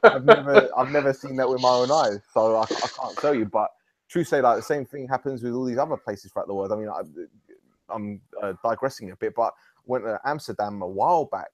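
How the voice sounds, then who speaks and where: A man with a mid-range voice chats casually as a show co-host, spinning animated travel stories full of slang and easy laughter. The sound is very dry, close and without room reflections. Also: medium pitch, brisk, dry recording. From England. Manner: animated storytelling, laughs often, London slang. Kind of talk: casual podcast chat.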